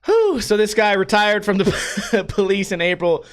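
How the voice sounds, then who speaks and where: A man's voice: high voice, animated, unhurried. A young man from the United States hosting a casual solo podcast, telling stories with frequent swearing and laughter. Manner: profane, laughing storyteller. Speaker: podcast host.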